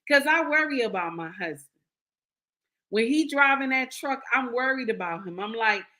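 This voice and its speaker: A woman's voice: mid-range voice, pushed and bright. A woman hosting a live stream, giving casual marriage advice to her viewers. She repeats her points, checks in with "okay?" and calls listeners "baby.". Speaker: live-stream host reading viewer comments.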